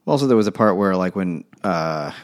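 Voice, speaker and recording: In casual book talk, a man with a deep voice speaks animated and a little fast. He rambles sarcastically, mocking the characters in silly voices as he goes.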